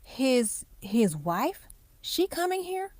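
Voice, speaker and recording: A woman doing a shaken, halting young man. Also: on the high side, expressive, a little mellow, no echo. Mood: raw. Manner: halting, raw, speaks in dialect. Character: anxious, heartbroken young man, boyfriend.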